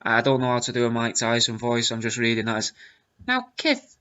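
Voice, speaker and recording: A man's voice: mid-range voice, monotone, fast, sharp tone, smooth, lo-fi sound. A man comically reading aloud angry comments, with wry, self-deprecating asides. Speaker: video creator reading out comments.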